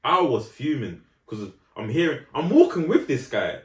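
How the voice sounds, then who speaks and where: A man's voice: medium pitch, sing-song, normal speed, reverberant. A young man telling a story in casual podcast chat, full of slang and "do you know what I'm saying" asides. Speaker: podcast co-host.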